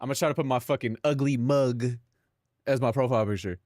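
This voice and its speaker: A man's voice: mid-range voice, brisk, darkish tone, no echo, clean studio sound. Rambling, profane young man streaming. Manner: rambling, profane, talks to himself and chat. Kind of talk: casual live-stream chat.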